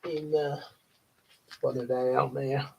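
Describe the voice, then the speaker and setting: A man's voice: medium pitch, flat delivery, slow pace, gravelly, slight background noise. A young man, hosting a casual livestream, rambling with frequent chuckles and fillers. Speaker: livestream host. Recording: dull lo-fi stream audio.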